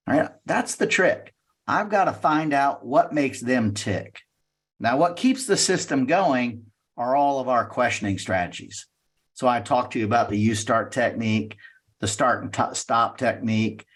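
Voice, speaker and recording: A middle-aged man giving a sales training talk, energetic and teaching, acting out client questions in a raised voice. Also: medium pitch. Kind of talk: talk at a networking meeting.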